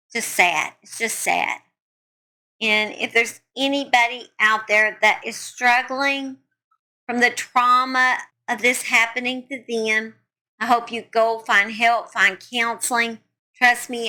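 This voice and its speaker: A woman's voice: a little high, sharp tone. A woman hosting a casual true crime chat, speaking in an earnest, heartfelt way to her listeners. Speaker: true crime podcast host.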